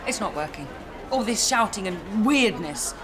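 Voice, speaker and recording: An actress playing a blunt, easily flustered manager. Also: female voice, mid-range voice, expressive, normal speed, crowd noise, background noise, natural voice. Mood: firm. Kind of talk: sitcom acting.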